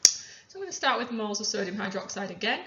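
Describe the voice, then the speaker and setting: A woman chemistry teacher calmly talking through worked examples step by step. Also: medium pitch, quick pace. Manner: methodical, talks through each step aloud. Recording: roomy, dull lo-fi sound.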